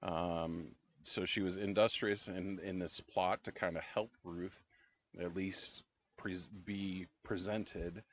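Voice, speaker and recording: A middle-aged man co-hosting a podcast, leading a Bible study in a relaxed, conversational way with frequent pauses. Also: low-pitched, a little hiss or hum. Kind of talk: casual Bible-study discussion.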